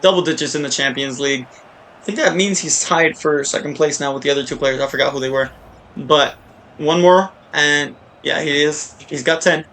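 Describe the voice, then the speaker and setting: Excitable gamer man, shouting at goals. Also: a little high, moderate pace. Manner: rambling, excitable, shouts and cheers at big moments. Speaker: gaming YouTuber. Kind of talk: casual live commentary of a video game.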